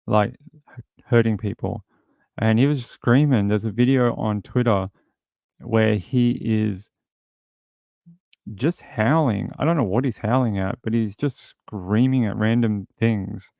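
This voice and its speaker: A man's voice: fairly low pitch, a little slow, vocal fry, long pauses, a little mellow, dry recording. A man hosting a true crime show, commenting casually and wryly on news clips and mimicking the people in them. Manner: rambling, wry, mimics people in silly voices.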